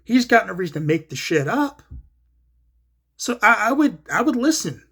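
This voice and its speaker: A man's voice: sits high, very animated, normal speed, bright, forceful tone, slightly rough. A man hosting his own commentary video, retelling an online argument in a blunt, profane, casual rant full of quoted back-and-forth. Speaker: solo commentary host.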